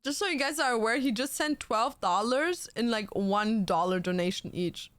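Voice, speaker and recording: A woman's voice: on the high side, moderate pace, a bit bright, no room sound. A woman livestreamer chatting casually and playfully, laughing and thanking viewers for donations. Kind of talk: casual live-stream chat.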